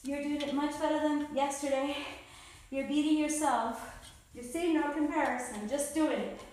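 Breathless woman podcast host, high voice, upbeat self-coaching, echoey room. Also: fairly even intonation, moderate pace, a little mellow. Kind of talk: casual motivational chat while exercising.

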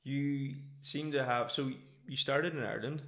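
A man hosting a podcast, asking slow, encouraging questions in a casual interview. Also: mid-range voice, fairly bright tone. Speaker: podcast host. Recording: roomy echo.

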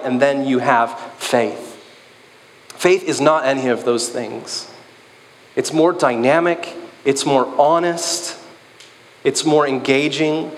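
A man preaching a sermon in a conversational, joking, animated way. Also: medium pitch, in a large hall, a little hiss or hum.

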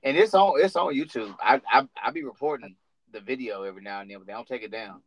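A man's voice: medium pitch, quick pace, no echo. A man hosting a podcast, chatting with his comedian guest in a laid-back, joking way. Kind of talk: casual interview chat. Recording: dry, dull lo-fi sound.

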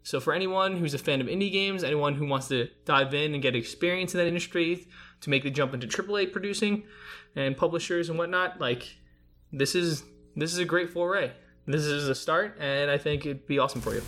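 A man's voice: fairly high pitch, a little fast, a bit bright. A man co-hosting a gaming podcast in casual, enthusiastic chat, swearing freely. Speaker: podcast co-host.

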